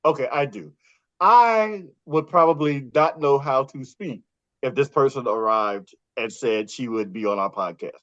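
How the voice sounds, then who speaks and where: A man with a New York accent, a podcast co-host being interviewed, telling stories in a lively way and laughing often. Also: medium pitch, a little slow, no echo, dull audio. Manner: animated storyteller, laughs often. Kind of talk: casual interview chat.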